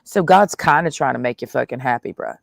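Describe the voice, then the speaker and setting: A man's voice: mid-range voice, brisk, creaky, dry recording, studio quality. A man in a blunt, profane monologue, speaking in the first person as God, full of slang and swearing. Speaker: vlogger.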